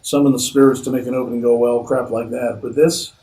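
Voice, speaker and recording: A man's voice: mid-range voice, little pitch movement, fast, dark tone, distant mic, a little hiss or hum, close to an everyday voice, poor audio. A man voicing a wisecracking, tough male American soldier with a sardonic, streetwise manner. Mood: wry.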